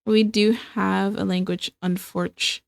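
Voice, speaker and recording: A woman's voice: medium pitch, little pitch movement, normal speed, gravelly, no room sound, studio quality. A young American woman chatting casually with her stream while drawing, rambling and repeating herself with self-mocking asides. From United States.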